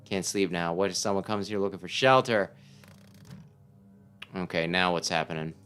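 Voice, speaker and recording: A man's voice: deep voice, fairly even intonation, normal speed, fairly bright tone, faint music behind. A man casually playing a game on stream, reading its text aloud and reacting with wry, swearing asides. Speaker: let's-play gamer.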